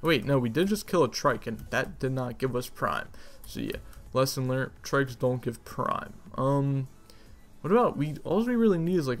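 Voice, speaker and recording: A young man playing a survival game and commentating casually, excitable, talking to the creatures and yelping when things go wrong, with an occasional stutter. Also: medium pitch. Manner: excitable, talks to creatures, yelps at danger; stutters at times. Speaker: gamer.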